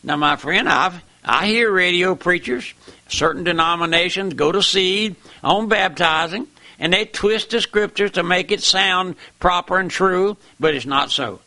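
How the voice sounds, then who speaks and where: A man preaching a sermon in a folksy, plain-spoken way, often repeating "my friend" and pushing up into emphatic high peaks. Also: measured pace, sharp tone.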